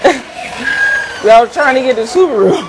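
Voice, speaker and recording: A man vlogging in casual chat, excitable, swearing freely and laughing. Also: extremely high pitch, a little slow, low-quality recording. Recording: loud music behind the voice.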